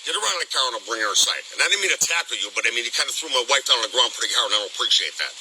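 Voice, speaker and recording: An older man talks fast and heatedly on a neighborhood street, rambling and peppering his story with mild swears. His voice sits at an ordinary pitch. The sound comes from a police body camera, with a clear layer of outdoor noise behind him. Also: lively intonation, sharp tone. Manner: agitated, rambling, swears often. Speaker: homeowner explaining a fight to police. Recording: noisy body camera audio.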